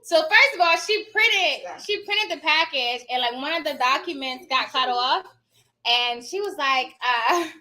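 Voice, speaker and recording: A woman's voice: sits high, expressive, unhurried, bright, forceful tone. A woman in her thirties chatting casually to her viewers, telling stories and calling them y'all. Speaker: notary signing agent vlogger.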